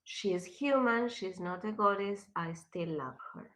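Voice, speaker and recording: Slow, bright-voiced woman teacher. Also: medium pitch, poor audio. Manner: slow and questioning, switches to Spanish. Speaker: literature teacher. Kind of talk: classroom lecture.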